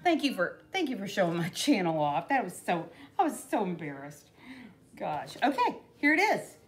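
A woman's voice: mid-range voice, big pitch swings, normal speed. A middle-aged woman, chatting casually and rambling through a craft tutorial. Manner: chatty, rambling, with frequent "you know" and laughs. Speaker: craft vlogger. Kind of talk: casual DIY tutorial chat.

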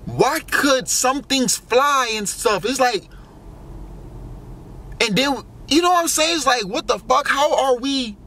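Young man, high voice, casual rambling musings, profane, filler-heavy. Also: lively intonation, slow pace, sharp tone. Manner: musing, full of fillers and profanity, wondering aloud. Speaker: vlogger.

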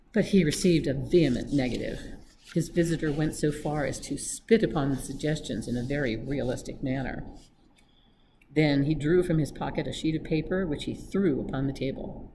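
Low-voiced woman reading a novel. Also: normal speed, warm tone, a little hiss or hum, poor audio. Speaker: staff reader.

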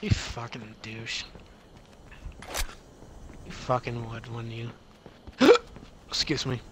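A man's voice: medium pitch, takes it slowly, a little hiss or hum. A man swearing and taunting his friend while they play an online shooter together, and chatting casually between rounds. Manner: profane, taunting, excitable during fights. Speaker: gamer streaming with a friend. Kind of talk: casual gaming chat.

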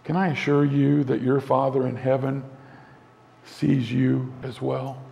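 A male pastor delivering a sermon in an earnest way, slowing down and dropping to a soft voice for emphasis. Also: medium pitch, little pitch movement, gravelly, highs cut off. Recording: long hall reverb.

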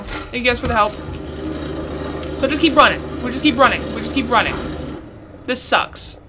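A woman's voice: fairly high pitch, sharp tone, slight background noise. Frantic swearing young woman gamer. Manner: frantic, swearing, talking to viewers. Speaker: gaming streamer. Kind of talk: casual let's-play commentary.

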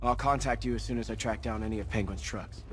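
An actor voicing an earnest young male hero in a video game, speaking in an insistent, steady way. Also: on the low side, quick pace, background noise, close to an everyday voice.

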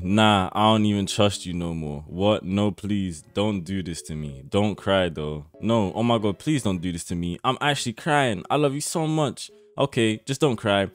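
A man's voice: on the low side, moderate pace. A young man, streaming and reacting to chat messages in slangy, swearing, mocking talk. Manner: slangy, swearing, mocking, bursts into loud laughter.

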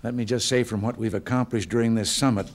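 A man's voice: fairly low pitch, quick pace. Older man telling folksy jokes at a podium. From United States. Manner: folksy, relaxed storytelling with dry humor. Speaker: president giving remarks. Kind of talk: informal speech with joke stories. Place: hotel function room.

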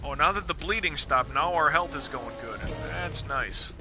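Speaking at normal speed in a slightly high voice, the man plays a video game on a live stream. His let's play commentary is casual and full of jokes, swearing and thinking aloud, with game music in the background.

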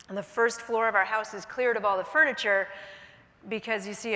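A woman's voice: medium pitch, bright, forceful tone. A middle-aged woman telling a personal story on stage in vivid present tense, emotional at moments. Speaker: keynote speaker. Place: large conference hall. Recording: hall reverb from a stage.

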